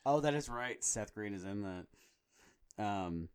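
Lower-voiced man telling profane stories. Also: measured pace, clear, resonant tone. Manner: profane, animated storyteller. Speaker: podcast co-host. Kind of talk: casual chat.

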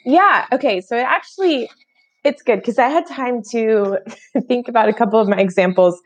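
A woman's voice: fairly high pitch, normal speed, no echo. A woman in her thirties co-hosting a podcast, chatting casually and filling her talk with "like". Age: 30s. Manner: chatty, lots of "like" fillers. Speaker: podcast co-host. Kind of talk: casual chat.

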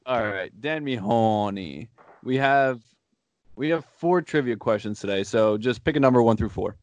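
A man's voice: mid-range voice, darkish tone, no room sound. A man hosting a casual podcast trivia game, teasing the others and swearing freely when they get answers wrong. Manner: teasing, profane, quick to mock wrong answers. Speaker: podcast host reading trivia questions.

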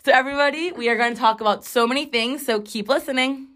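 A young adult woman with a high voice hosts a casual chat podcast with her sister, recorded on a bathroom floor over music. She's bubbly and joking, chatty, and quick to plug her socials.

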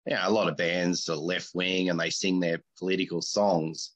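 A man's voice: sits low, fairly even intonation, moderate pace. A man hosting a podcast in casual chat, with a blunt, opinionated and crude way of talking. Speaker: podcast host.

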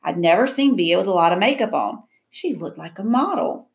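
Audiobook narrator, woman, reflective first-person reading, gravelly tone. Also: fairly low pitch, animated, a little fast.

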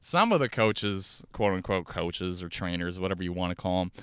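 A man's voice: sits low, moderate pace, smooth, no echo, studio quality. Profane young man rambling in his car. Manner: profane, rambling, animated storytelling. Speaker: podcast host and stand-up comic. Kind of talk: casual solo podcast monologue. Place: inside a car.

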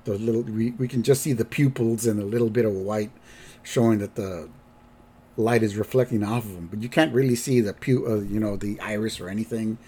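A man's voice: on the low side, fairly even intonation, a little fast, mellow, breathy edge. A man hosting a podcast, chattily recapping a cartoon episode with a rambling, self-correcting delivery. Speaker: podcast host.

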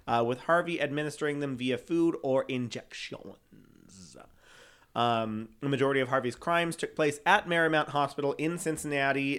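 A man's voice: mid-range voice, a bit bright, clean tone. A man co-hosting a casual true-crime podcast, rambling through the story and swearing freely. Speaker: podcast co-host.

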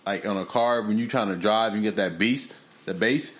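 A man's voice: on the low side, normal speed. Young man telling stories in slang. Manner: animated, slangy storytelling with bursts of rapping. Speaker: podcast host. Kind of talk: casual podcast chat.

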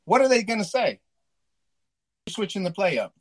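Lively high-voiced joking man. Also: moderate pace, dry recording. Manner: animated, profane, acts out imagined dialogue. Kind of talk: casual chat.

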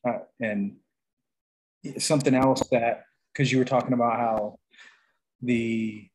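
A man's voice: medium pitch, fairly even intonation, slow pace, darkish tone. A man co-hosting a casual podcast, talking in a laid-back, rambling way and swearing freely. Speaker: podcast co-host.

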